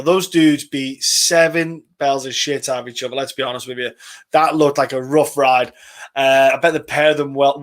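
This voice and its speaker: A talkative man hosts a live stream of fight predictions, his voice sitting a little high for a man. He chats loosely, calls people "man" and "brother", and swears freely as he reads out viewer comments. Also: a bit bright. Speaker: podcast host.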